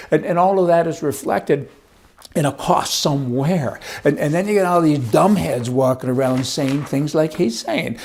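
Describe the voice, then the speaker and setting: A man rants through a political commentary, sarcastic and exasperated. His voice sits a little high for a man, with a mellow, dark warmth. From Canada.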